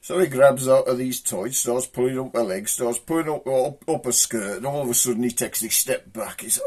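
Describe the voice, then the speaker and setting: A man with a Black Country accent telling jokes, doing his characters' voices with shouts and raised pitch. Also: moderate pace. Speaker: joke teller.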